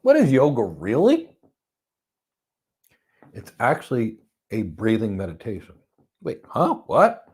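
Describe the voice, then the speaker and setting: A man talks about handling stress in an animated, storytelling way. His pitch rises and falls a lot, punching some lines loudly and easing others down to a hush. His voice sits in an everyday middle register. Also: slow pace, long pauses, husky. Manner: animated storyteller, swings from loud emphasis to soft calm. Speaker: host. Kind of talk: motivational talk on stress. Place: lives in Florida.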